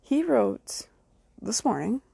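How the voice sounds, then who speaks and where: A woman's voice: a little high, very animated, slow, creaky, dark tone, breathy edge, no echo. A woman hosting her own podcast, delivering a blunt, angry and heavily profane solo rant aimed straight at her critics. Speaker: podcast host.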